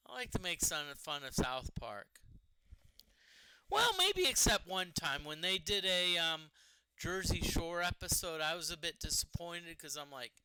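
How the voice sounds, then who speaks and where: A man's voice: fairly high pitch, expressive, measured pace, pushed and bright, clean tone, no echo, rough recording. A man casually commenting while streaming a retro role-playing game, chatting to the game and to his party members.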